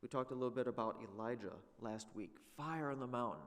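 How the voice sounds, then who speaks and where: A man's voice: mid-range voice, fast talker, big-room sound. Man teaching a church Bible class. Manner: conversational, rhetorical questions. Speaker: Sunday school teacher.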